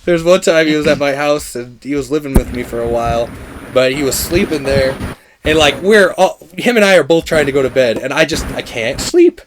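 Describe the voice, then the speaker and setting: A man's voice: on the high side, a little fast, background noise. A young man co-hosting a podcast in casual chat, telling stories with laughter and acted-out quotes. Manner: animated storytelling, laughing often, acting out quotes. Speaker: podcast co-host. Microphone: podcast microphone.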